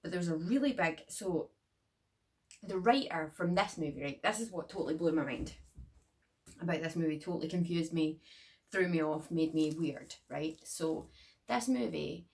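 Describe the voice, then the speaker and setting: A woman's voice: deep voice, moderate pace, darkish tone. A young woman reviewing a horror movie in her bedroom, rambling and chatty with lots of filler.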